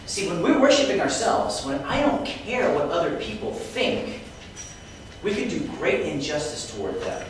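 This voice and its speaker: A man teaching a Bible lesson to students, lively and quizzing the class with questions. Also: sits high, moderate pace. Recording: echoey room, mic far off, faint noise.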